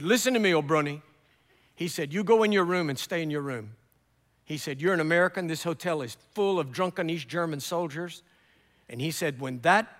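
A man delivers a sermon as a lively story and plays every character in the exchange. His voice sits high and rings bright, and a long reverb from the hall carries around him. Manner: animated storyteller acting out dialogue. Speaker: preacher.

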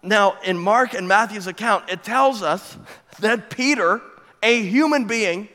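Long reverb fills the sound like a big church sanctuary as a pastor delivers his sermon, his bright, forceful voice sitting slightly high for a man and unhurried. He presses emphatically, building with repetition and rhetorical questions.

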